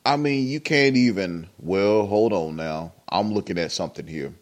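Low-voiced man rambling over the news. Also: moderate pace. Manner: rambling, opinionated, filler-heavy. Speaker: podcast host. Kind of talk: casual commentary.

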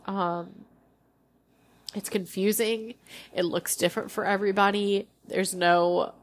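A young woman hosts her own podcast and talks openly about her life in an emotional, halting way, often starting a sentence over. Her voice sits in a middle register, and a gravelly fry runs through it. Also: medium pitch. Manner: candid, emotional, halting with restarts. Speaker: podcast host. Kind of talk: personal solo podcast.

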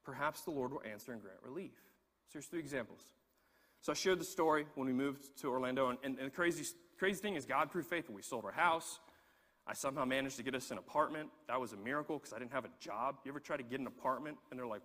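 A man preaching a sermon, telling a personal story in an animated way and repeating words as he gets going. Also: a little high, fast, big-room sound. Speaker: pastor.

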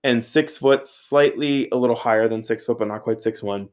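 A man in his thirties telling a casual, animated story, swearing freely and saying "like" a lot. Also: mid-range voice, normal speed. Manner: animated, profane, filler-heavy with frequent "like".

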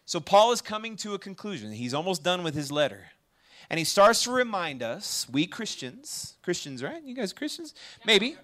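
A man preaching a sermon to a campus ministry gathering, conversational and animated, often checking in with the audience with questions. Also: sits high, normal speed.

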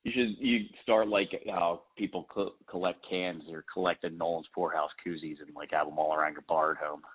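A man's voice: low voice, steady tone, brisk, slightly rough. A man in casual, self-deprecating chat about rec hockey, joking as he talks. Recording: phone-like narrow sound.

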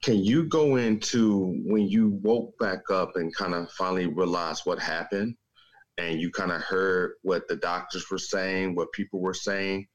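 A man co-hosting an interview, asking gentle, measured questions. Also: sits low, fairly even intonation, dull audio. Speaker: co-host. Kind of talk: interview conversation.

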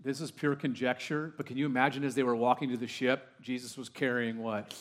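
A male pastor in the pulpit, talking to his congregation rather than at them. He fires off question after question, drops to a hush, then climbs to loud, excited peaks, with his voice sitting in an ordinary middle pitch for a man. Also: a little fast. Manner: conversational preaching full of questions to the congregation; swings from hushed asides to loud, rising exclamations. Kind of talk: sermon. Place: church sanctuary with a live congregation.

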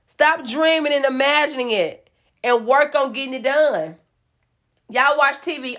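A woman with giving a sassy, preachy motivational talk to her viewers, with slang and dramatic pauses. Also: high-pitched, expressive, a bit bright. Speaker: motivational vlogger.

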